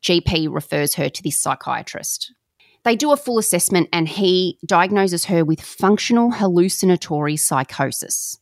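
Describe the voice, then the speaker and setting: A woman co-hosting a podcast, telling a story in casual, animated chat with slang and the odd swear word. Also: lowish voice, moderate pace, no room sound, studio quality. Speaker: podcast co-host.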